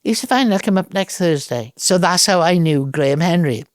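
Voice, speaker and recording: Older woman, Welsh accent, lively anecdotal storyteller, dry close sound. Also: fairly low pitch, moderate pace, no room sound. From Wales. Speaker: guest. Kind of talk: storytelling in a podcast interview.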